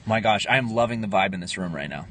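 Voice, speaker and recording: A man's voice: lowish voice, lively intonation, fast, bright, forceful tone. Man in his twenties, casual livestream talk, rambling, answering comments, slight background noise. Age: 20s. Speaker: livestream host. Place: home livestream, in Pennsylvania.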